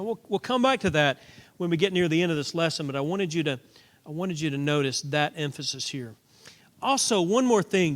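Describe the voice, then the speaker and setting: High-voiced preacher in a reverberant hall. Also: male voice, a bit bright. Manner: conversational teaching with frequent restarts. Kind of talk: Bible class lesson. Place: church auditorium.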